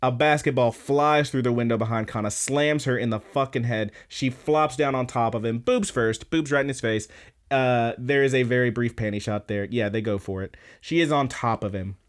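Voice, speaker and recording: Man, podcast co-host, mid pitch; swears freely, retells scenes with energy and quoted voices. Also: moderate pace. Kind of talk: casual recap chat.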